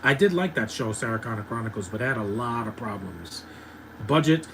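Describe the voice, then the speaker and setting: A man's voice: on the low side, animated, fairly quick, fairly bright tone, slight background noise, poor audio. A man in his thirties giving opinionated, ranting live commentary while watching a movie, laughing often. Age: 30s.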